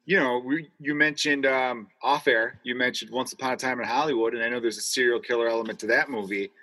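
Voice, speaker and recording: A man's voice: medium pitch, steady tone, fast, bright, forceful tone. A man hosting a casual podcast chat, reacting in a laid-back way and swearing casually. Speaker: podcast host.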